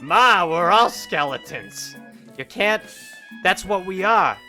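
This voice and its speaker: A man's voice: sits high, lively intonation, slow, pushed and bright, soft background music, pitched above the performer's own voice, exaggerated voice. A man voicing a whiny young skeleton guard who protests to his mother.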